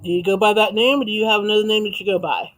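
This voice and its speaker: High-voiced chatty livestream host, man. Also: steady tone, racing, fairly bright tone, poor audio. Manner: chatty, reads viewer comments aloud and laughs often. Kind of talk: casual livestream chat.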